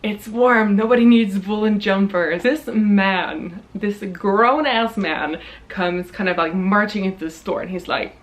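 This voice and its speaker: A woman's voice: medium pitch, unhurried. Chatty woman telling a story. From Norway. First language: Norwegian. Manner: chatty and animated, laughs and swears, many fillers. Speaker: vlogger. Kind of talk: storytime vlog.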